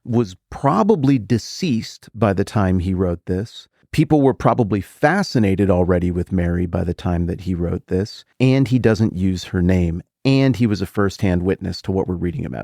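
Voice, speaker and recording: A man's voice: fairly low pitch, creaky, a little mellow, no room sound, clean studio sound. A man in his forties, a podcast host, talking through a Bible passage in a casual, musing way with conversational asides. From American Mountain West or Upper Midwest. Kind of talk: casual Bible teaching monologue.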